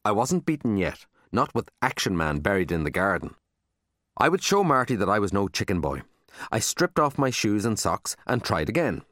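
A man narrating a children's book aloud in a lively, expressive storytelling manner, close to the mic. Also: lowish voice, moderate pace, dry recording. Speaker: audiobook narrator.

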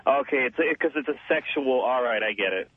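A man's voice: mid-range voice, lively intonation, fairly quick, no room sound. A man from Los Angeles calling in to a radio show, talking bluntly and rambling with lots of fillers and restarts. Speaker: caller. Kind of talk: call-in talk radio. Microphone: telephone. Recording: tinny phone line.

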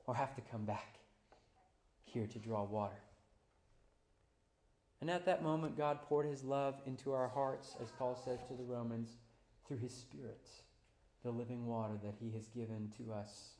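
A pastor preaching a sermon, moving between quiet, low passages and loud, high-pitched climaxes. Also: male voice, steady tone, moderate pace, reverberant.

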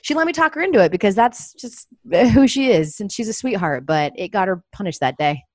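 Young woman, sports anchor guest, animated storyteller, medium voice, dry close sound. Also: a little fast, no echo. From Atlanta, US. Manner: animated, acts out her dad's voice with big pitch jumps. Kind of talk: casual storytelling chat.

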